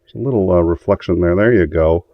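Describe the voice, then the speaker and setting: A man's voice: low-pitched, quick pace, dry recording, highs cut off. A man hosting a live show, telling a story in rambling, profane casual chat full of fillers. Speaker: host.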